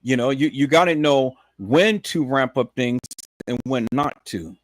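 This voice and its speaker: A man hosting a live stream, talking in a preachy, repetitive way that swings from low muttering to loud emphatic shouting. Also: lively intonation, a little slow, dry recording. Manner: preachy, repetitive, addresses viewers as peoples.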